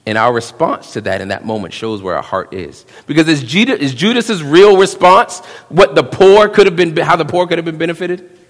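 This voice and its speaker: Preacher guy in his 30s, gets loud then quiet, reverb from a big church hall. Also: a little high. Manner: animated preaching, swinging between hushed and loud; drops into quick voiced quotes of young men. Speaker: pastor. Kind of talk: sermon.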